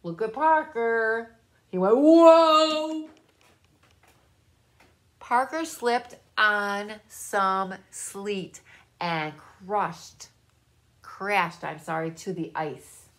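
A woman's voice: medium pitch, drawn-out words. A woman reading a children's story aloud and talking directly to the children listening. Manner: animated, talks directly to children.

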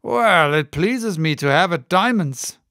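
A man reading an audiobook, voicing a brash, insolent American colonel in a loud, taunting voice. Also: a little high, expressive, measured pace, creaky, no echo, studio quality, exaggerated voice.

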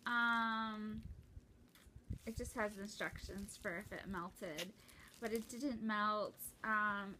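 A young woman chatting casually and excitedly while opening a gift at home, rambling with lots of fillers and restarts. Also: medium pitch, a little hiss or hum. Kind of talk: casual unboxing chat.

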